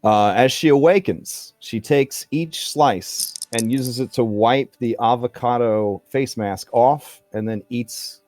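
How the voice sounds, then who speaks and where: A man's voice: mid-range voice, slow pace, hardly any pauses, darkish tone, no room sound. A man running a tabletop game as game master, narrating in a chatty way full of fillers and jokey asides.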